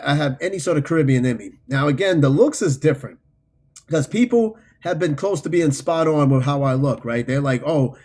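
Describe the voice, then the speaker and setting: A man hosting a podcast, chatting casually and reading out listener comments in a loose, profane, animated way. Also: mid-range voice. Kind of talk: casual unscripted chat.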